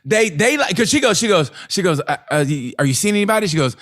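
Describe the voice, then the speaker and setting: A man's voice: on the high side, sing-song, a little fast, hardly any pauses, fairly bright tone. Guy cohosting a podcast, swears a lot, keeps laughing, does voices for people in his stories. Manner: profane, laughing, acts out quoted voices. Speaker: podcast co-host. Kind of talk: crude comedic banter.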